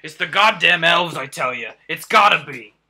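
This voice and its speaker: A greedy, foul-mouthed dwarf foreman bellows his orders, as a man puts on the voice. The tone is bright and cutting, pitched a little above the man's own talk. He shouts loudly and swears often. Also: expressive, normal speed, breathy edge, heavily acted. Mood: angry. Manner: loud and shouting. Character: gruff greedy male dwarf foreman, cursing.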